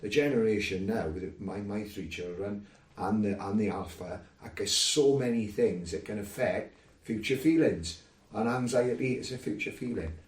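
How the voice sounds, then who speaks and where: A man's voice: on the low side, normal speed, darkish tone. A man from the UK talking through ideas in a casual podcast panel discussion. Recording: roomy, distant mic.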